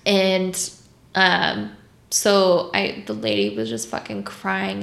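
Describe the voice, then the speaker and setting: A woman's voice: medium pitch, very animated, takes it slowly, gravelly, a bit bright. A woman who works as a mobile dog groomer, telling stories in a blunt, profane, casual way and acting out other people's voices. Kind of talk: casual storytelling chat. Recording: roomy echo.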